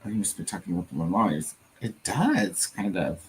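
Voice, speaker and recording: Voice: sits low, expressive, fairly quick, darkish tone, a little hiss or hum. A co-host with a Southern US accent chats casually on a live reading stream, laughing often and reading viewer comments aloud. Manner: giggly and playful, drawling, laughs often.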